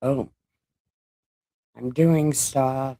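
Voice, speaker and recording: A middle-aged woman chats on her livestream in an unhurried, drawn-out way and is openly mouthy, swearing without a second thought. Her voice sits close and dry, with almost no room sound around it. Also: extremely low pitch, fairly even intonation, warm tone, no room sound. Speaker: livestream host. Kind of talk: casual livestream chat.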